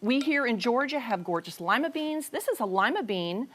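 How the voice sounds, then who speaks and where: A woman's voice: fairly high pitch, very animated, normal speed, a little hiss or hum. A woman demonstrating recipes as a dietitian guest in a chatty, upbeat TV cooking segment.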